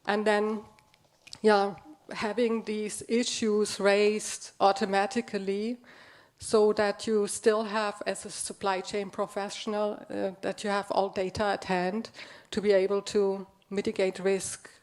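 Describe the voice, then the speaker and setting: A woman speaking as a conference panelist in a measured way, with many hesitations. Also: mid-range voice, level tone, a little mellow. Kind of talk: panel discussion.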